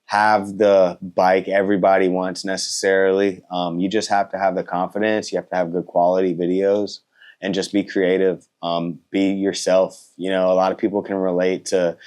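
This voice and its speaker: Deep-voiced laid-back thirty-year-old man. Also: normal speed, clear, resonant tone. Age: 30s. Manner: relaxed, polite, lots of fillers and trailing off. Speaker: motorcycle racer and content creator. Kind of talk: casual interview answers.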